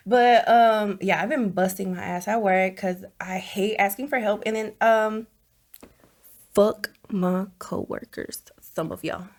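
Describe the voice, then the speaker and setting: A woman's voice: mid-range voice, measured pace. A woman co-hosting a podcast, talking in a blunt, candid way and swearing freely in casual chat. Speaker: podcast co-host.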